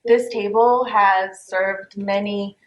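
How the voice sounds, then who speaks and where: A woman's voice: mid-range voice, fairly even intonation, slow pace, echoey room, lo-fi sound. A woman hosting a casual chat show from a home dining table, playful and sarcastic, laughing often. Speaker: host.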